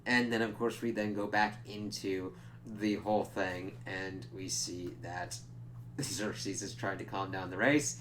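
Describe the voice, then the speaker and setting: A man giving a casual, rambling episode review, swearing freely and slipping into quick character impressions. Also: low voice, flat delivery, a bit bright, slight background noise. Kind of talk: casual spoken recap and review.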